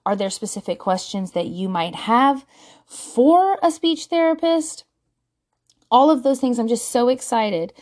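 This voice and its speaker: Woman, high-pitched, casual parenting vlog, self-mocking, laughs a lot. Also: lively intonation, a little slow, darkish tone. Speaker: parenting vlogger. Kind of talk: casual chat to camera.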